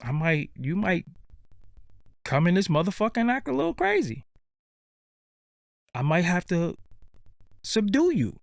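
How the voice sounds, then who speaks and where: A streetwise man tells a rambling comic story, swearing freely in a blunt, unfiltered way. His voice sits a little high for a man, and the sound is close and dry with no room ring. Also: very animated, normal speed, creaky, long pauses, no room sound. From Brooklyn, New York. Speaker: show host. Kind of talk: profane comedic storytelling.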